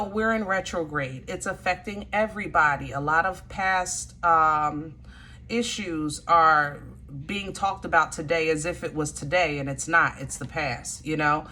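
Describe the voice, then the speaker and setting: A woman's voice: on the low side, pushed and bright, slight background noise. A woman giving a casual, chatty tarot reading and speaking straight to her viewers, with plenty of colloquial asides. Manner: chatty, colloquial, addresses viewers directly with frequent "you know". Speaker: tarot reader.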